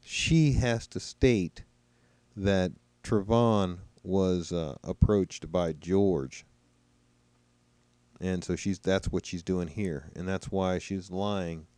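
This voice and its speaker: A man's voice: low-pitched, slow, mellow, smooth, no echo. A man giving casual spoken commentary over replayed clips, musing and now and then mocking what he hears. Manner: conversational, musing, mocking imitations. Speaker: commentator reacting to trial footage.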